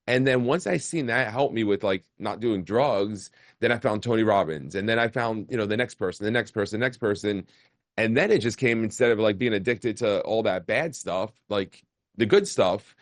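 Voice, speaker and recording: Low-voiced candid man in his forties. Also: no echo, clean studio sound. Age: 40s. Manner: casual, repeats words while telling his story. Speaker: podcast guest, entrepreneur. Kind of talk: candid interview storytelling. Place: remote call.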